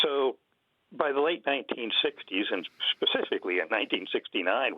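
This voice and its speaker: An older man, a guest on a radio interview, explaining in a measured way with pauses and fillers. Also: sits low, no room sound. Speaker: guest conservation biologist. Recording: narrow phone-line sound.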